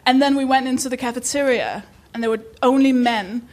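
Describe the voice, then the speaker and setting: Live podcast host, woman, high giggly voice, swears, self-deprecating. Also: fairly quick. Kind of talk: live podcast chat before an audience.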